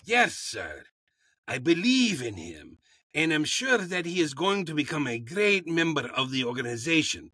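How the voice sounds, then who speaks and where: A man's voice: fairly high pitch, very animated, normal speed, pushed and bright, breathy edge, dry recording, studio quality, heavily acted. A man voicing a dutiful male recruiter who answers his boss in an earnest, deferential tone.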